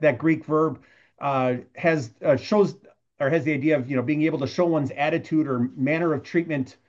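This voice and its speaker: The speaker is a man leading a relaxed Bible study verse by verse, punctuating his explanations with a questioning "right?". His voice leans high with a darkish tone, and the audio quality is lo-fi.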